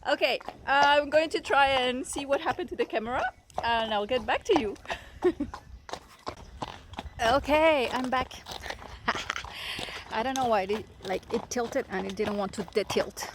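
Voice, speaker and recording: A woman chatting excitedly and giggling while riding her horse outdoors, holding the camera. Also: sits high, unhurried, long pauses, background noise. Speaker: riding coach vlogger. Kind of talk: casual vlog. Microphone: handheld camera.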